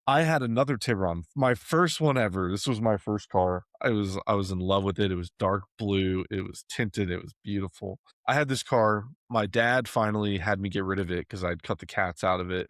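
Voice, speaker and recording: Male podcast host, lowish voice, dry close sound, rambling anecdotes. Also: a bit bright, no echo. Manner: chatty storyteller, laughs often, many fillers. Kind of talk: casual chat.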